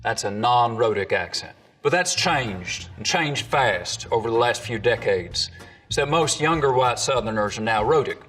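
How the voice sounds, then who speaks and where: Man, dialect coach, explanatory narration, distant mic, soft music behind. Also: medium pitch, lively intonation, moderate pace. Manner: explanatory, demonstrates sounds. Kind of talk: scripted educational narration.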